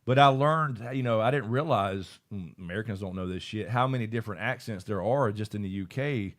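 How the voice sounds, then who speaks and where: A man, talking in a relaxed, rambling way to his live stream audience. His voice sits fairly low, and he drifts from one thought to the next as he reads out comments from chat. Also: fairly quick. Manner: laid-back, rambling, reads chat aloud.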